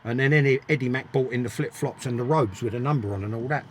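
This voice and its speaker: Here a retired footballer, now older, talks quickly in a mid-range voice with a little noise behind him. As an interview guest he spins casual, profanity-laced yarns, emphatic and blunt, often saying things twice for effect.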